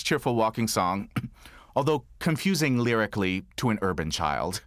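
A man telling a comic story from his childhood in a monologue, wry and animated. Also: medium pitch, normal speed, no room sound. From New York. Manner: wry, animated, dry humor.

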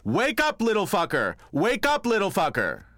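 A man doing a booming, hollering big father. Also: wildly swooping pitch, normal speed, no echo, clean studio sound, heavily acted. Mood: bellowing. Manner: shouted, high-pitched sung and bellowed wake-up calls. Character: big, loud, booming communist father in middle age.

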